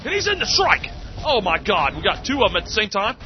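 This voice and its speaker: A man giving excitable, jokey sportscaster-style play-by-play of a video game, laughing often. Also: high-pitched, quick pace. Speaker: game commentator. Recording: muffled lo-fi recording with game music.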